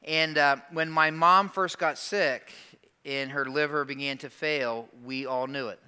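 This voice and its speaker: A man pastor preaching a sermon, animated and emphatic, sometimes dropping to slow quiet asides. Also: fairly high pitch, clear, resonant tone. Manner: animated, acts out quoted prayers in a raised voice.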